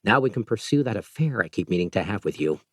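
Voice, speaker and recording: A man's voice: fairly low pitch, sing-song, fast talker, no echo, clean studio sound. A man voicing a blunt, joking doctor in an audiobook.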